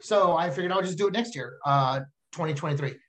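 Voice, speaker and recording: A man with a Texan accent, a comedian chatting casually and telling animated stories as a podcast guest. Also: a little high, quick pace. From Texas. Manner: animated storyteller, slips into silly voices.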